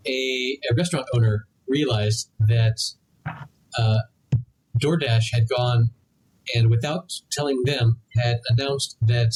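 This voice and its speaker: A man's voice: mid-range voice, darkish tone, rough recording. A young adult man co-hosting a podcast, chatting casually and rambling through his points with many restarts. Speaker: podcast co-host. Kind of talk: casual chat.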